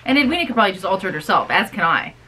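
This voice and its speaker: A woman co-hosting a thrift vlog, telling stories in an animated way and laughing often. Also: mid-range voice, very fast, noisy background. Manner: animated storytelling, frequent laughs. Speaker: co-host of a thrift channel. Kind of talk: casual chat.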